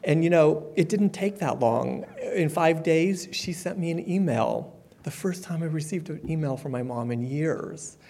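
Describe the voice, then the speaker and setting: A middle-aged man giving a personal testimony at a support meeting, candid and conversational, with fillers and the odd soft laugh. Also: on the high side, unhurried, vocal fry, hardly any pauses. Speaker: speaker sharing his recovery story.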